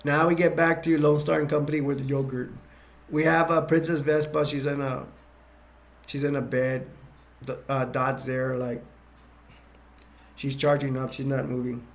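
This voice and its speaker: Gravelly man rambling through a plot. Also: mid-range voice, little pitch movement, moderate pace, pauses often. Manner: rambling, filler-heavy, with frequent restarts. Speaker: movie reviewer. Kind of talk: casual plot retelling.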